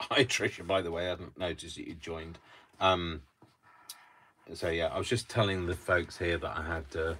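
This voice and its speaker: A man with a low, deep voice and a bright, forceful edge talks through a craft project on a live stream. He is chatty and wry, with a faint background hiss. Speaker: crafting host. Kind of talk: live crafting tutorial chat.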